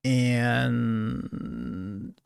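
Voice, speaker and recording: A man's voice: mid-range voice, big pitch swings, very slow, vocal fry, darkish tone, clean tone, no echo, studio quality. A man giving casual commentary while practicing a game speedrun, thinking aloud, repeating phrases and correcting himself as he plays. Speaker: speedrunner streamer.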